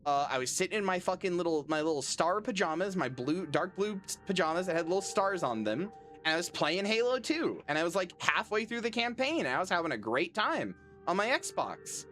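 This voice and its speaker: A woman's voice: lowish voice, very animated, brisk, fairly bright tone, soft background music. A woman in her thirties, a streamer in casual chat with her audience, rambling, swearing freely and making dry, self-deprecating jokes. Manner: self-deprecating and dryly joking.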